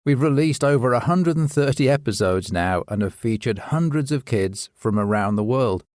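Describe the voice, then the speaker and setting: A man's voice: medium pitch, lively intonation, normal speed, darkish tone, no echo. Upbeat man in a dry booth. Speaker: poetry podcast host, guest. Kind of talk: scripted podcast chat.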